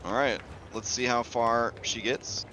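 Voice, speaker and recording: A man's voice: mid-range voice, fairly even intonation, a little slow, sharp tone, faint music behind. A man running a tabletop game as game master, talking loosely and chattily with many fillers and the odd curse.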